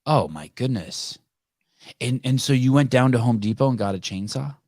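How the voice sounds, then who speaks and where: A man's voice: medium pitch, lively intonation, moderate pace, darkish tone, dry recording, clean studio sound. A man in his fifties hosting a podcast, talking in a profane, rambling way with many restarts. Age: 50s. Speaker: podcast host. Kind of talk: casual chat.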